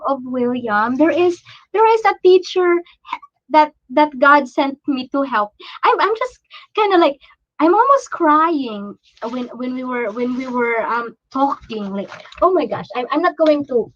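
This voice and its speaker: Woman, high voice, casual parent vlog, emotional and stop-start, dull lo-fi recording. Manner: emotional, halting, many restarts. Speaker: parent vlogger.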